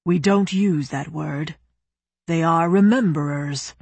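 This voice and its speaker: A woman voicing a stern, proud male official in an audiobook, speaking slowly in formal, lecturing phrases. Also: low voice, gravelly, a little mellow, slightly rough, no room sound, exaggerated voice. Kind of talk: audiobook character voice.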